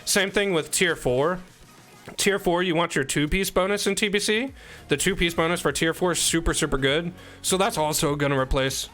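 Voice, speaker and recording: A young man streams a game and chats casually with viewers, joking, teasing and drifting into rambling asides between explanations. He uses a desk microphone, and his fairly bright voice is a little high, at a moderate pace.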